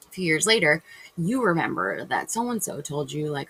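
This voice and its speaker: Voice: mid-range voice, animated, moderate pace, creaky, fairly bright tone, a little hiss or hum, low-quality recording. A vlogger talking casually to camera in a rambling spiritual monologue, acting out imagined conversations and correcting themselves as they go. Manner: loose and chatty, with fillers and self-corrections.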